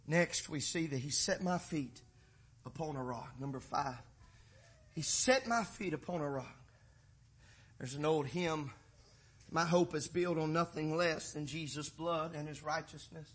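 Preacher guy, kinda high husky voice, goes from quiet storytelling to loud build-ups. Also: a little slow. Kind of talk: sermon.

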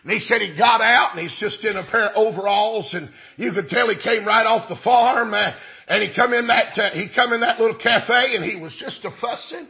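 A man preaching a storytelling sermon, folksy and drawn out, building up to shouted exclamations. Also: sits high, normal speed, vocal fry, lo-fi sound.

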